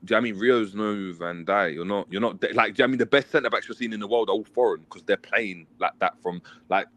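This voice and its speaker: Man, 30s, chatty former player, lowish voice, slangy and animated storyteller. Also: fast. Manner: animated storytelling, mimics a shouting coach. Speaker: former footballer, podcast guest. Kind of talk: casual chat.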